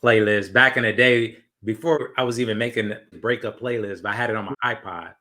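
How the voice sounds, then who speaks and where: A young man hosting a casual interview podcast, relaxed and agreeable as he asks questions. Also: on the low side, fairly quick. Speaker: podcast host.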